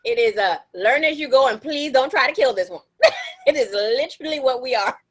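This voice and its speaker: A young woman chats on a podcast, spinning animated stories and hammering her points with slang and repetition. Her voice sits high and swings up and down all the time. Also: brisk, breathy edge, rough recording. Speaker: podcast co-host. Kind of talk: casual chat.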